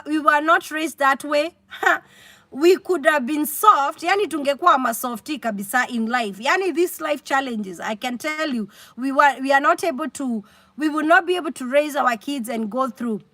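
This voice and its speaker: A woman with a Kenyan accent hosting a casual livestream, chatty and animated, reading out comments and mixing in Swahili. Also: sits high, normal speed, no room sound. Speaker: livestream host.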